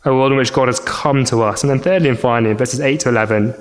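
Earnest man preaching a sermon. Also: quick pace. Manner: earnest, repeats words when restarting, rises in pitch for emphasis. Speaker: pastor.

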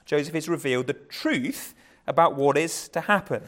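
A man's voice: on the high side, lively intonation, moderate pace, a bit bright. A man preaching a conversational sermon, often restarting words and chuckling lightly.

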